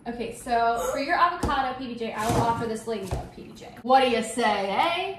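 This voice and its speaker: A woman chatting playfully and teasing as she hosts a casual vlog. Her voice is a bit high and swings up and down a lot. She sits away from the mic in a very echoey room with steady background noise. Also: a little fast, far from the mic. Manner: teasing, giggly, bursts of mock paparazzi shouting. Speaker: vlog host.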